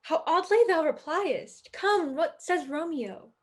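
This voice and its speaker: A woman's voice: very high voice, animated, slow pace, exaggerated voice. A woman playing an eager, impatient young girl in a video-call staged reading.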